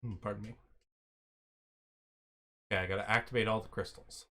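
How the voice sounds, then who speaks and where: A man's voice: on the low side, level tone, brisk, pushed and bright. A man streaming a puzzle game, giving flustered, self-mocking commentary and laughing often. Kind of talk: casual gameplay commentary.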